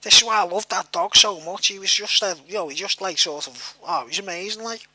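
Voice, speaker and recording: Sharp-voiced rambling man. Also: high voice, fairly quick. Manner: rambling, repetitive, with frequent fillers and swearing. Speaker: vlogger. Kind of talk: personal storytelling monologue.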